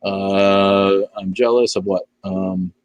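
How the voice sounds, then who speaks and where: An older man talks in a low, unhurried voice, blunt and sarcastic, swearing freely as he answers viewer comments. The sound is dry and close, with no room around it. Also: level tone, no room sound, highs cut off. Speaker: live stream host. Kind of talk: casual live-stream chat reading viewer comments.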